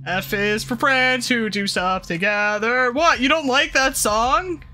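A gaming creator voicing loud, profane, laughing reactions while playing through a game. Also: medium pitch, a little slow, a little hiss or hum. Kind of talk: let's play commentary.

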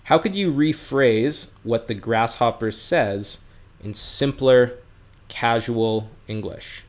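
A man's voice: mid-range voice, slow pace. A man teaching English on a livestream from home, explaining words plainly and chatting with his viewers in a friendly way. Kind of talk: live-streamed language lesson.

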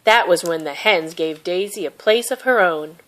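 A woman reading a children's picture book aloud with gentle, expressive narration. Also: lowish voice, moderate pace. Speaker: storybook reader.

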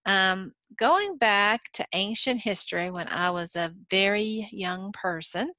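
A woman's voice: medium pitch, lively intonation, unhurried, sharp tone. A middle-aged woman from Texas gives a recorded college lecture in a chatty, playful way. She fills her speech with ums and uhs. The sound is dry and close, with no room echo. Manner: chatty, playful, many fillers. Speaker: college instructor.

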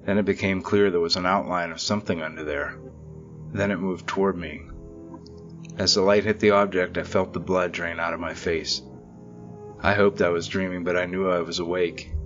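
A man narrating a scripted horror story in a measured, steady way. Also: deep voice, muffled recording, faint music behind.

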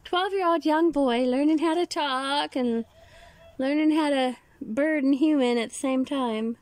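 Her voice sits high and is a little mellow, with a slightly slow pace and no echo. She's a caretaker of rescued birds, chatting casually with her pet bird outdoors in the sun and doting on it with cooed praise. Birdcalls and cooing fill the background.

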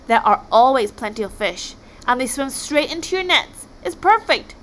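Casting: woman playing a calm, scheming Viking boy in a storybook reading, matter-of-fact with lively pitch. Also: normal speed, slight background noise, poor audio. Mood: pleased.

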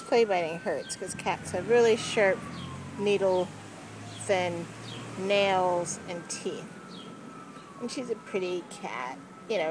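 Playful woman with a lively voice, outdoors. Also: mid-range voice. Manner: playful, self-mocking, talks to the cat. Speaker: vlogger. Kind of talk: casual narration while petting a cat. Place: outdoors on a street. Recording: noisy outdoor street recording.

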